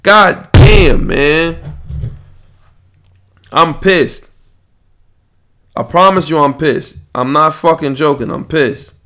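A man's voice: on the high side, slow pace, long pauses, bright, forceful tone. A young man hosting a sports podcast, ranting in a heated, profane, casual way. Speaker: podcast host.

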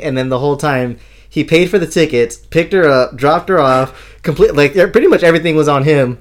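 A man's voice: a little high, a little fast. A young man co-hosting a casual podcast, telling a long anecdote full of quoted exchanges. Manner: storytelling, quoting people. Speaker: podcast co-host. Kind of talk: casual chat.

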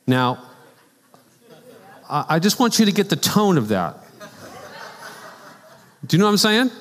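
Male pastor, relaxed conversational preaching, slightly high-pitched, echoing sanctuary. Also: unhurried. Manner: animated storytelling with asides and laughs. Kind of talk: conversational sermon. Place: church sanctuary. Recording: long church hall reverb.

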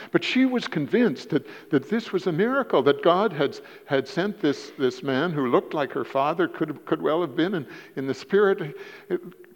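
A man preaching a sermon in a church, telling stories in a halting way, repeating words and rising in pitch for emphasis. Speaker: guest preacher. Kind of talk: sermon with storytelling. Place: church sanctuary. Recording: dull lo-fi church recording with long reverb.

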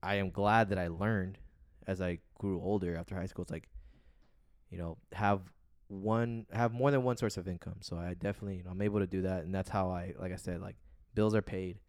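A man's voice: sits low, fairly even intonation, fairly quick, darkish tone, dry recording, clean studio sound. A man co-hosting a podcast, talking in a loose, rambling, laid-back way and swearing casually. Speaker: podcast co-host.

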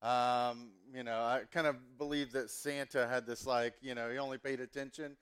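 A man's voice: medium pitch, flat delivery, moderate pace, fairly bright tone, clear, resonant tone. A man in his forties, from the American South, preaching a sermon as a pastor in a casual, joking way with many fillers. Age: 40s.

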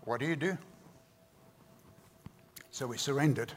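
A man's voice: medium pitch, moderate pace, vocal fry, pauses often. A man, preaching a sermon with earnest emphasis and repeated words. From South Africa. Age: 60s. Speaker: pastor. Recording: reverberant hall, faint noise.

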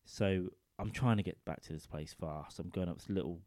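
Low-voiced man telling crude stories. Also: moderate pace, a little mellow, dry recording, studio quality. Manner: rambling, vulgar, checks in with listeners. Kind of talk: crude comic anecdote. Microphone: studio microphone.

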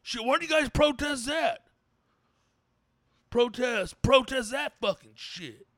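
A man's voice: very high-pitched, expressive, takes it slowly, fairly bright tone, no echo, clean studio sound, voice pushed up, heavily acted. A man voicing a bitter, foul-mouthed middle-aged man who rants and keeps raising his voice. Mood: fuming. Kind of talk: comedic character rant.

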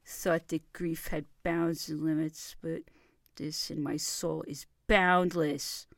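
A woman giving a theatrical, impassioned reading of an old love letter, with soft whispered passages. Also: sits low, level tone, slow, dry recording, studio quality. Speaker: reader.

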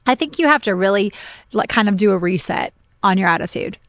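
A woman's voice: mid-range voice, a little fast, dry recording. Middle-aged lady pastor chatting on a podcast, acts out her grumbling, dry close sound. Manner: lively storyteller, acts out her own grumbling. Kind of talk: casual podcast talk, testimony.

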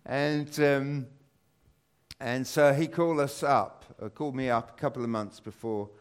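A man's voice: mid-range voice, measured pace, clear, resonant tone. A British man in his fifties giving a church talk, telling a personal story with lots of fillers. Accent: British English. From Britain. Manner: rambling, animated storytelling with many fillers. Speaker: church speaker.

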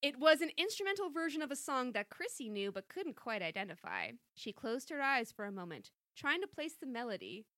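A woman's voice: high-pitched, brisk, hardly any pauses, dry recording, clean studio sound. A woman co-hosting a comedy podcast, reading a story aloud with playful emphasis and chatting between passages. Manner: reads dialogue with lively, playful emphasis. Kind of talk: comedic read-aloud with commentary.

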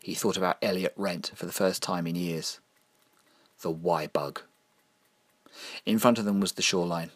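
A man narrating a dark horror story in a measured, grim storytelling manner, slowing down to lean on key phrases. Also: sits low, steady tone, no echo.

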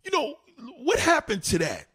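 A man's voice: very high voice, wildly swooping pitch, normal speed, fairly bright tone. A man, likely in his thirties, ranting crudely and emphatically on a casual livestream. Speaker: livestream host. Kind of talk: profane casual rant.

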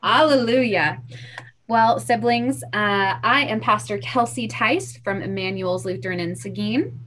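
A woman pastor who co-hosts a podcast, talking casually and then reading a poem softly with gentle pauses. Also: medium pitch, a little hiss or hum. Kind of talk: podcast talk and poetry reading.

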